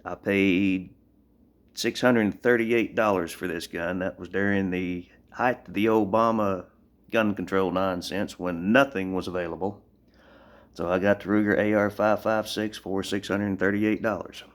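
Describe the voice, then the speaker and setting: Deep-voiced man rambling about his rifle. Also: fairly even intonation, measured pace. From Tennessee. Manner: plainspoken and rambling, with blunt opinions. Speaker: gun owner vlogger. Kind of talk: casual show-and-tell gun review. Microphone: phone.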